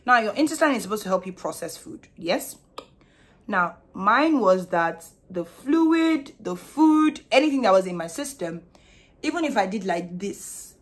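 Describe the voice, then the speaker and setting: An expressive young woman with a Nigerian accent, chatting straight to camera in a storytime vlog. Her voice sits at a middle pitch and she tells the story in an animated, candid way, with blunt slang. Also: a little slow. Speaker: vlogger.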